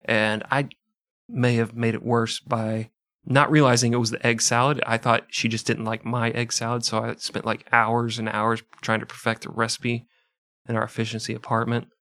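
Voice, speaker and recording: Podcast co-host, man from the Midwest, deadpan storyteller with crude asides, dry close sound. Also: medium pitch, normal speed, no room sound. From American Midwest. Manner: deadpan, crude absurd tangents. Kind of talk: casual comedic history podcast.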